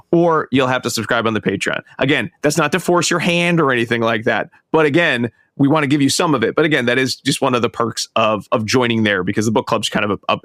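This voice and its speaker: A man's voice: medium pitch, a bit bright, no room sound, studio quality. A man co-hosting a podcast in casual, rambling chat, full of fillers and restarts. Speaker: podcast co-host.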